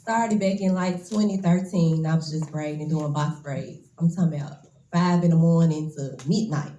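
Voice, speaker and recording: A woman's voice: low voice, moderate pace, mellow, reverberant, a little hiss or hum, rough recording. A woman in her twenties gives a nervous, emotional, casual speech as a braider at a hair shop event. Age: 20s.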